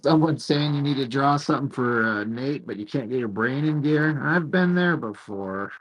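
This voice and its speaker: A man co-hosting a casual chat while inking, reading out viewer comments with relaxed, joking banter. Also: medium pitch, moderate pace, low-quality recording. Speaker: co-host, artist reading chat.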